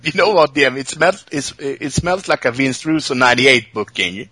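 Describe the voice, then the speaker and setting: A man co-hosting a podcast, chatting casually and tossing in quick agreeing interjections and jokes. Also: medium pitch, animated, sharp tone, breathy edge, no room sound. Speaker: podcast co-host. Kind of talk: casual comedic chat.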